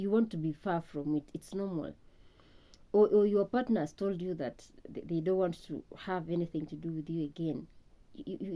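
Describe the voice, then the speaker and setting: A woman's voice: fairly low pitch, warm tone. A woman giving an earnest, reflective talk on grief and loss, often repeating words as she searches for them. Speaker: speaker on healing from loss.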